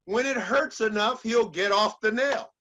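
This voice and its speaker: A man voicing a calm, matter-of-fact old man in a story he tells. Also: high-pitched, unhurried, highs cut off, exaggerated voice. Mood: unbothered. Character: calm old man on a rocking chair, dry.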